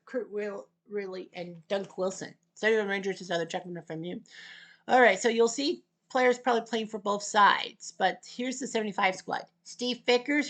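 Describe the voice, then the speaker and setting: A woman giving casual, rambling gameplay commentary, packed with asides and the odd shouted taunt. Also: medium pitch. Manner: chatty, rambling asides full of trivia.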